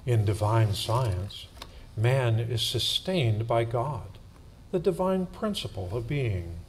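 Male church reader, measured solemn delivery, slow, faint hiss behind. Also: mid-range voice, animated. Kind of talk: reading aloud in church.

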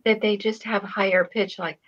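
An older woman with a steady, mid-range, slightly bright voice tells stories in casual conversation at a moderate pace, on audio with the highs cut off. She rambles hesitantly, restarting and using fillers.

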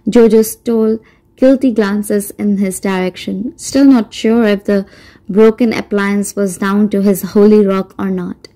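Casting: woman narrator for a children's audiobook, mellow, measured delivery. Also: mid-range voice, steady tone, poor audio. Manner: measured storytelling, doing character voices. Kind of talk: scripted narration.

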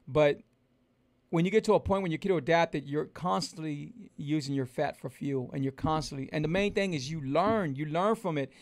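High-voiced emphatic man coaching viewers. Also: moderate pace. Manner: emphatic, repetitive, preacher-like delivery. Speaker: health and fitness coach. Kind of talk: motivational talk to viewers.

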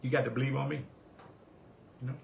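A male preacher, delivering a sermon. He repeats his phrases and quotes scripture in old wording, swinging from quiet reflection to loud, rising exhortation. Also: medium pitch, fairly even intonation, fast, creaky, slight background noise. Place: church sanctuary. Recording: echoey church room.

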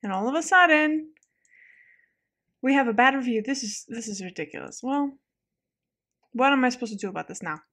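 Chatty, excitable woman. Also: a little high. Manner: chatty, excitable, quick to laugh. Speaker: game commentator. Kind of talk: casual let's-play commentary.

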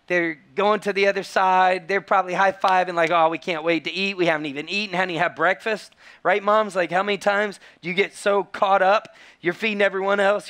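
A man, preaching a sermon as a pastor and telling stories with lively quoted voices. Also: smooth. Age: 40s. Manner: animated storytelling, acting out quotes in high voices.

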